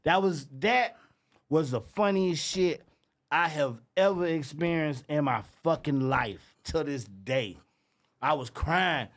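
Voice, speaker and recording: A male comedian telling stories in a loud, animated and profane way, laughing often. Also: on the high side, slow pace. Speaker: comedian guest. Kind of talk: casual chat.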